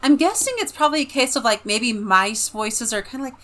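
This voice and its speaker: A woman's voice: a little high, expressive, normal speed, sharp tone. A woman co-hosting a casual book podcast, rambling along with many filler words. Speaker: podcast co-host.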